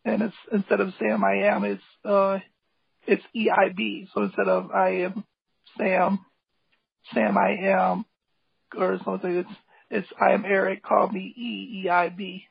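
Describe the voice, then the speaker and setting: High gravelly man, rambling and eager. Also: little pitch movement, a little slow, dry recording. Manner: rambling, filler-heavy, enthusiastic. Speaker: guest, hip hop artist and graphic designer. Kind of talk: casual interview talk. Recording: dull lo-fi call audio, dry.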